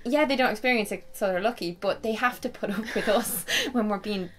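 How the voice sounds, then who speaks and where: A woman in her twenties with an Irish accent, chatting casually as a video host, animated and full of fillers. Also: medium pitch, a little fast, slight background noise. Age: 20s. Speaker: YouTuber host. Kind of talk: casual chat.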